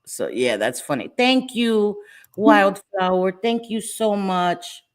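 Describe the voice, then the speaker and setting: Woman, New York accent, livestream host, casual chat, animated, laughs a lot, mid pitch. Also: takes it slowly. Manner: animated, laughs often, talks to chat commenters.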